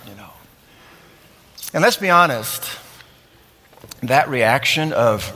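A man preaching a sermon in an animated way, acting out scenes and asking his listeners questions. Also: high-pitched, unhurried, pauses often, long reverb tail. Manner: animated, acts out scenes and asks the audience questions. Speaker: pastor.

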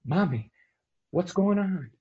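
A man voicing a frightened little boy who calls out in a high, plaintive voice. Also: animated, slow pace, dull audio. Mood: pleading. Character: frightened little boy calling for his parents.

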